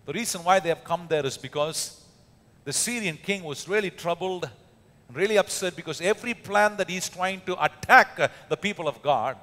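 Speaking at a moderate pace, a male pastor with an Indian accent preaches in a church hall, his high, fairly bright voice echoing around the room. He's emphatic, leaning on fillers and rhetorical questions.

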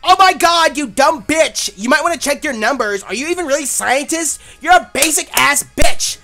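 A man's voice: extremely high pitch, lively intonation, normal speed, gravelly, noisy background, voice pushed up, heavily acted. A man voicing a sassy, rude teenage girl trainer who mocks everyone with brash, profane insults. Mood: mocking.

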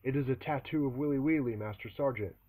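A man as a recruit shouting at attention. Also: medium pitch, brisk, husky, pitched above the performer's own voice, natural voice, poor audio. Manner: shouted, formal answers.

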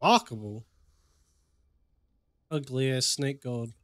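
A man's voice: mid-range voice, moderate pace, dry recording, clean studio sound. A man casually commentating his game playthrough, slangy and jokey, swearing freely.

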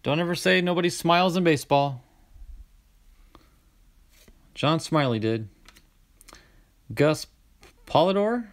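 Host voice: chatty man, a bit high, reads card names aloud, gets excited at big pulls. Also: normal speed. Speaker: card-collecting channel host. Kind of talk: casual card-opening commentary.

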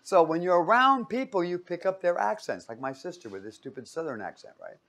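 A man's voice: high-pitched, very animated, fairly quick, creaky, fairly bright tone. A man giving an informal Bible teaching in a room with a whiteboard, casual and joking, often putting questions to his listeners.

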